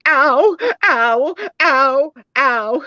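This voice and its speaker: A woman voicing a whiny, frightened female patient doll who squeals and sings loudly. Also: high voice, big pitch swings, unhurried, no room sound, voice pushed up. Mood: yelping. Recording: dull lo-fi dry sound.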